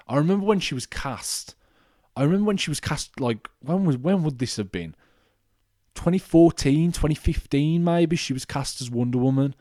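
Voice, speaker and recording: Young male podcaster, casual sweary ranter, mellow tone. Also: medium pitch, dry recording, clean studio sound. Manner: animated, swearing, ranting with restarts. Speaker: podcast host. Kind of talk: casual solo movie review rant.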